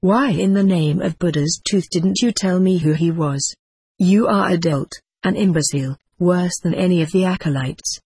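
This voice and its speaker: A woman's voice: lowish voice, normal speed, a little mellow, breathy edge, no room sound. A woman voicing a stern, pompous older male monk who bullies the boys in his charge, read in a plain storybook manner. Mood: bellowing. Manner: scolding, blustering, then falsely sweet.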